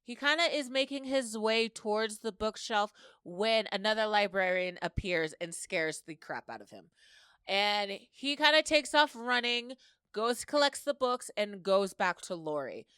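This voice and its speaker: A woman hosts a podcast, recapping a story in a relaxed, talkative way and dropping into quoted back-and-forth between characters. Her voice is smooth and clear, sitting at an ordinary pitch. The sound is close and dry, with no room echo. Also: unhurried. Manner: chatty retelling of a story, slipping into quoted dialogue. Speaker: podcast host. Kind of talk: casual episode recap.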